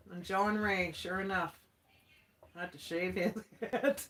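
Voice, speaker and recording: Speaking very slowly with long pauses, a woman from Alberta, Canada hosts a casual crafting livestream, chatty and folksy with frequent laughter. Her voice is medium-pitched and a bit bright.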